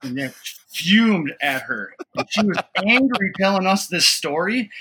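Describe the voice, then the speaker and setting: A man in his thirties, a guest and father, telling family stories in an animated, casual way and laughing along. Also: on the high side, moderate pace, slight background noise. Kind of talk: casual storytelling.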